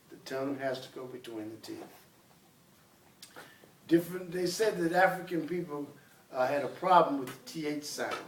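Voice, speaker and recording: A commanding male teacher drills his students in call-and-response in a classroom. His voice is on the high side, heard from far off in an echoey room with slight background noise.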